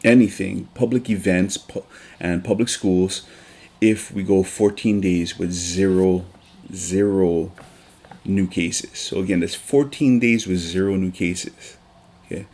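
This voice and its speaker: A man, talking on a casual podcast in a deep voice. His tone is gravelly and full of vocal fry. He speaks earnestly, with frequent ums and restarts. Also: steady tone, measured pace, darkish tone. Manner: earnest, emotional, with many fillers and restarts. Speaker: teacher.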